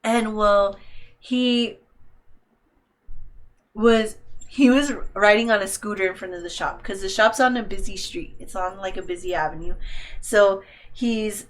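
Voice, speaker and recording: A young woman tells a story casually on a podcast, swearing freely and leaning on "like" as she goes. Her voice sits at a middle pitch, easy and conversational. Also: unhurried, pauses often. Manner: rambling, profane, heavy on "like". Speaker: podcast co-host.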